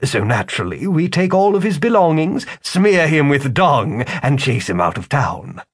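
A man's voice: fairly high pitch, sing-song, moderate pace, breathy edge. A man doing a silky, pompous con-man wizard. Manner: courtly, theatrical, silkily persuasive. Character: smooth-talking male con-man wizard.

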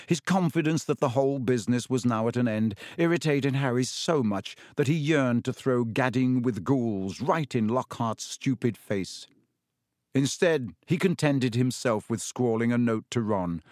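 With a mid-range voice, this male narrator delivers an audiobook in an even, deliberate storytelling style. The studio sound is clean, with no echo.

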